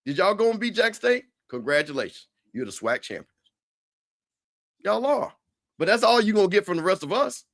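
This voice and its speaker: A man with a fairly high voice talks trash on a casual livestream. He is animated and repetitive, with lots of stammered restarts. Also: normal speed. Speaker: show host.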